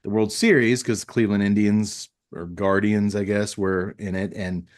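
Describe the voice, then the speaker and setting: A man hosting a casual podcast, telling stories with a joking, deadpan manner. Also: lowish voice, normal speed. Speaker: podcast host.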